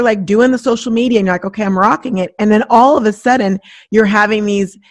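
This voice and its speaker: A middle-aged woman talking as a podcast host and coach, giving a lively motivational monologue and acting out the voices she quotes. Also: mid-range voice, breathy edge, no room sound. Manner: animated, acts out inner voices and quotes.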